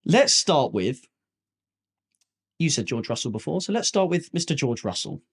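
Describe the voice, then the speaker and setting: Lively, animated man co-hosting a podcast. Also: mid-range voice, moderate pace, vocal fry, breathy edge. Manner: animated, playful, swears when frustrated. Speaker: podcast co-host. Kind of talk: casual chat.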